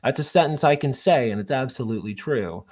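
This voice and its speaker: A man from southern Minnesota, a podcast guest telling stories in a chatty, animated way with lots of fillers. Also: medium pitch, a little fast, a crowd in the background. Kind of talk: casual storytelling.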